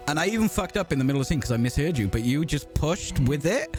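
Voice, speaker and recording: Animated man praising his fellow players. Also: a little high, fast talker, faint music behind. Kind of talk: post-game chat.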